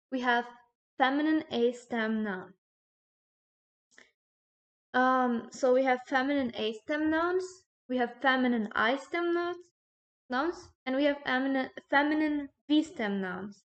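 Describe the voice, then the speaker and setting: Slow, high-voiced woman teaching grammar. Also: highs cut off. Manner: slow and explanatory, with frequent "um" and "okay?" checks. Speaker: language teacher. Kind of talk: recorded grammar lesson.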